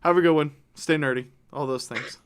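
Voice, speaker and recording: A man's voice: on the high side, a little fast, clear, resonant tone. A man hosting a streamed tabletop game, laughing and wrapping up the episode in casual chat. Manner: laughing, upbeat sign-off.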